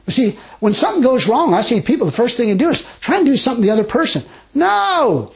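A man with a high voice that swoops up and down as he shares his Christian testimony. He rambles and restarts, laughs often and acts out his conversations with great animation. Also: fast, creaky, low-quality recording. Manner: animated, laughing storyteller who acts out dialogue.

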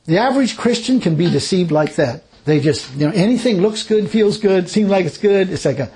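A man's voice: high-pitched, animated, brisk, few pauses, a little mellow. A man preaching a sermon, telling stories in a folksy, chuckling way. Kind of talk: sermon with personal storytelling.

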